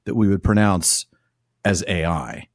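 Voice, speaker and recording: A man's voice: deep voice, expressive, unhurried, no room sound, clean studio sound. A man co-hosting a podcast, reading passages aloud and breaking them down in casual discussion. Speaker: podcast co-host.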